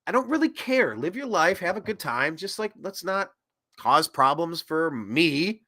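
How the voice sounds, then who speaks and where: Male host, 30s, sarcastic rambling commentator, animated high-ish voice. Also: a little slow. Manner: rambling and sarcastic, with mocking put-on quotes. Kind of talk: opinionated political commentary.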